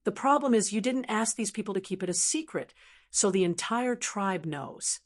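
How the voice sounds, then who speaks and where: A woman's voice: medium pitch, animated, moderate pace, lightly acted. A woman reading a cold, curt male strategist. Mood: cool, stern. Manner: indifferent, sharp. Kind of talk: audiobook narration.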